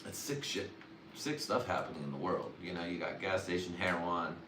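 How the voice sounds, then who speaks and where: Profane low-voiced man riffing in a roomy space. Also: steady tone, moderate pace, pushed and bright, soft background music. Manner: profane, rambling, often laughing at his own jokes. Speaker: livestream comedian. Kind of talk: crude stand-up riffing on a livestream. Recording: roomy sound, distant from the mic, faint ambience.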